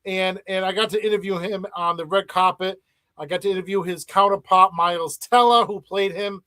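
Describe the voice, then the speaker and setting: Halting male podcast host, high voice. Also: fairly even intonation, bright, forceful tone, no room sound. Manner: halting, many "um" and repeated words. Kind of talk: casual podcast hosting.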